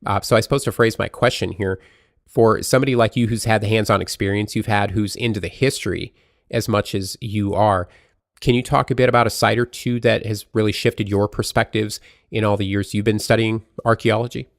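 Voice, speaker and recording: A man hosting a podcast interview, asking questions in a friendly, relaxed way. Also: lowish voice, a little fast, no echo, clean studio sound. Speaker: podcast host. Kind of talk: casual interview chat.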